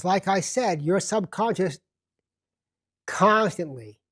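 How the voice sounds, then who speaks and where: Deliberate male self-help teacher. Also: on the high side, darkish tone. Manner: deliberate, emphatic, slows down to stress key words. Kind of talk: self-help lecture to camera.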